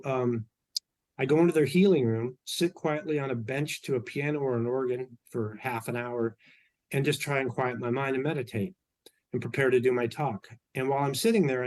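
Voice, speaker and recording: Middle-aged male guest, loose anecdotal storyteller, lots of ums and restarts. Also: medium pitch. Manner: relaxed anecdotal, many fillers and restarts. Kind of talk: storytelling in an interview.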